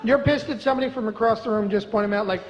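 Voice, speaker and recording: Brash, profane high-voiced man on stage. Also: rapid-fire, some chatter behind, slight background noise. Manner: brash, profane, mock-outraged. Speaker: stand-up comedian. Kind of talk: stand-up comedy set. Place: comedy club stage before a live audience. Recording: reverberant club with audible ambience.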